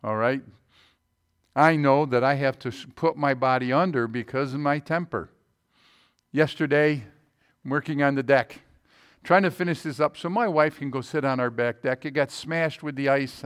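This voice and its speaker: A man's voice: medium pitch, fairly bright tone, smooth. A man in his sixties preaching a sermon as a pastor, telling a personal story and often checking in with his listeners.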